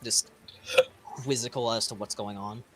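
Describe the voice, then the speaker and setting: A man's voice: on the low side, steady tone, a little slow, a bit bright, faint music behind. Casually swearing game master man. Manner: casual, swearing, laughing often. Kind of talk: narrating a tabletop game.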